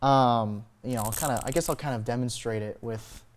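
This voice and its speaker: A man's voice: medium pitch, brisk, a little hiss or hum. Rambling young man explaining accents. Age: young adult. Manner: rambling, many fillers and "you know". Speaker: guest demonstrating accents. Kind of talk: casual explanatory chat. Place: college TV studio.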